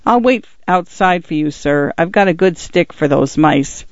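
A man's voice: on the high side, expressive, a little slow, dry recording. A man voicing an eager, polite young boy in a plain reading voice, recorded on a dull, dry track. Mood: earnest. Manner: earnest, polite.

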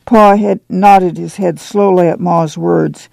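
A man narrates a novel aloud in a measured, steady way. His voice is slightly high, very gravelly and mellow. The sound is dry and close. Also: dry recording. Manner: measured storytelling with slips he corrects. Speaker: audiobook narrator. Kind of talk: scripted narration.

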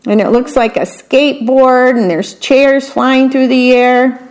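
A woman's voice: high voice, fairly even intonation, measured pace, darkish tone. A woman reading a picture book aloud, stopping to comment on what each picture shows. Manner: adds chatty commentary on the pictures. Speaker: story reader.

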